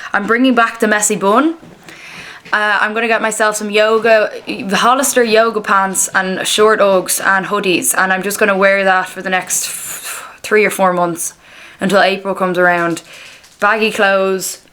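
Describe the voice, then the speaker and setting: A woman's voice: mid-range voice, fairly bright tone. Rambling, candid young woman vlogging at home. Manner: rambling, candid, swears freely. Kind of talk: casual chat.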